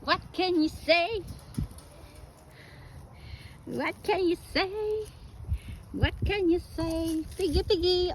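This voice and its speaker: Very high, slow-talking woman coaxing animals. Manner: sing-song, coaxing baby talk to animals. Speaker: vlogger and parent. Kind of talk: casual farm-visit vlog, talking to a child and animals. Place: outdoors at a small farm. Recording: noisy outdoor recording.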